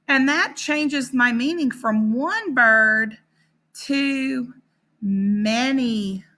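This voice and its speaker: A woman teaching a phonics lesson to young children, sounding out words slowly and encouragingly. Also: fairly high pitch, bright, forceful tone.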